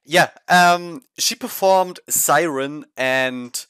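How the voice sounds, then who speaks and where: A man's voice: fairly high pitch, very slow, fairly bright tone, smooth, no echo. A man with a German accent co-hosting a podcast, bluntly giving his opinions on performances in casual chat. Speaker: podcast co-host.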